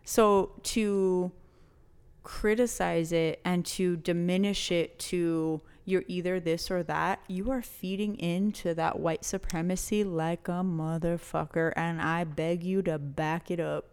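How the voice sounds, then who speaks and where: A woman's voice: on the low side, steady tone, slow, a little mellow, clean tone. Passionate, cursing woman podcast host. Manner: passionate, emphatic, swears freely, mixes in Spanish words. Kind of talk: casual podcast chat.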